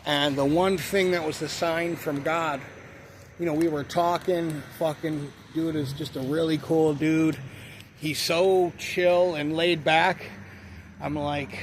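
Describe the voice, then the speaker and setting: A man's voice: a little high, fairly bright tone. A man telling a rambling, profane story about his life in a casual way. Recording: noisy outdoor street sound.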